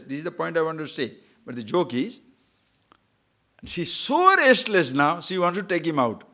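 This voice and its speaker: A man giving a spiritual discourse, telling jokes with animated, emphatic questions and reciting Sanskrit verses. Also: high-pitched, moderate pace. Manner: animated storytelling, laughs at own jokes, rising emphatic questions. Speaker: spiritual teacher.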